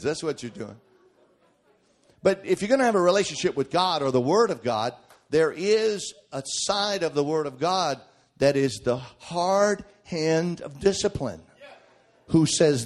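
A middle-aged male preacher with a drawl delivers a sermon in a slightly higher-than-usual voice. He hammers points home at full shout, then drops to low, folksy asides and jokes. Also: lively intonation, a little slow. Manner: emphatic, swings from shouting to quiet asides.

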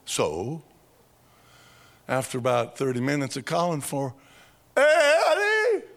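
Slow, gravelly preacher telling a story. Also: male voice, mid-range voice, slight background noise. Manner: slow, dramatic storyteller with sound effects. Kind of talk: storytelling sermon.

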